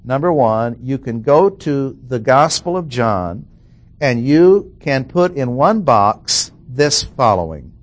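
A middle-aged man teaching through scripture at an unhurried, measured pace, with a mid-range voice. He works through the text point by point and repeats key phrases so they land. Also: mid-range voice, very animated. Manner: slow, deliberate, repeats key phrases for emphasis. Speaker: Bible teacher. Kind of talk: expository Bible lesson.

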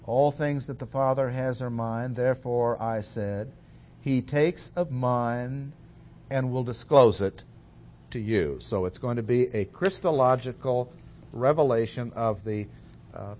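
A man teaches through a Bible passage in a steady lecture voice at an ordinary middle pitch. He explains step by step and slows down to stress the words that matter most. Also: slight background noise.

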